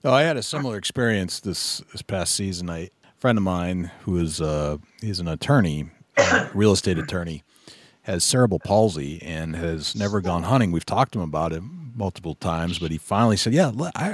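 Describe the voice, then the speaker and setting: Very deep-voiced male podcast host. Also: dry recording. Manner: affirming, measured storytelling. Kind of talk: casual conversation.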